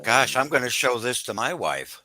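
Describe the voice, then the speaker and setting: A man hosting a live chat show, reacting with lively exclamations. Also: mid-range voice, moderate pace. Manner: animated, exclaiming.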